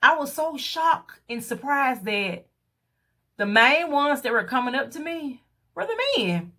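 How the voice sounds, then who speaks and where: Bright, emphatic woman vlogger. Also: high-pitched, animated, a little slow. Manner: candid, emphatic, acts out quoted voices. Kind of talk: motivational talk to camera.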